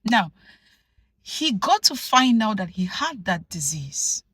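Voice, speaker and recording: Animated husky woman telling a story. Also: mid-range voice, slow pace, no room sound. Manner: animated, conversational, frequent asides. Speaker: vlogger. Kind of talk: storytelling vlog.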